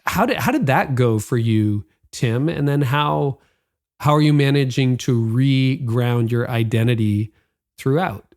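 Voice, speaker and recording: A male podcast host asks his guest long questions, thinking aloud in a relaxed conversational way. His voice sits at an ordinary middle pitch for a man. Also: unhurried. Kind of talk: interview questions.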